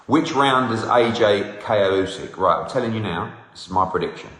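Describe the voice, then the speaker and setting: A man's voice: on the low side, normal speed, hardly any pauses, fairly bright tone. A man in his forties, hosting a live Q&A and teasing fans as he reads out their comments. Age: 40s. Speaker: host answering fan questions. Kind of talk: live casual Q&A. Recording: roomy with long reverb.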